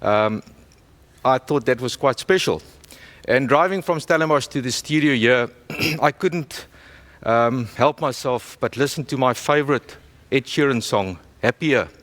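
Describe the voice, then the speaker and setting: A man, a company executive, giving a welcome speech at an awards event in a self-deprecating, halting way. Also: medium pitch, a bit bright.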